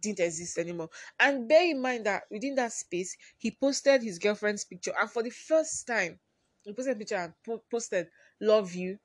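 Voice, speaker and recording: A woman hosting her own podcast, talking through a personal story in a confiding way and often trailing off quietly. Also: medium pitch, normal speed, dry recording. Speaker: podcast host.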